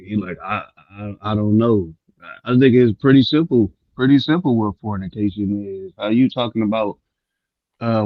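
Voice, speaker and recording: A man from Milwaukee calling in to a casual chat, speaking in a relaxed, drawling way. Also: on the low side, no room sound. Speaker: guest caller. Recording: dull lo-fi line.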